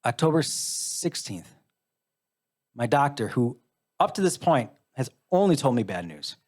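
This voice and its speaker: A middle-aged American musician, interviewed live, shares a story from his life in a mid-range, somewhat mellow, sing-song voice at a measured pace. His manner is frank and sincere, laced with dry wit, and he mimics the people he quotes.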